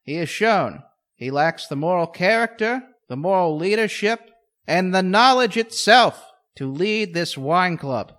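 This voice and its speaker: A man's voice: high voice, animated, measured pace, voice pushed up. A man playing a pompous male club member. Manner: pompous, formal, loud.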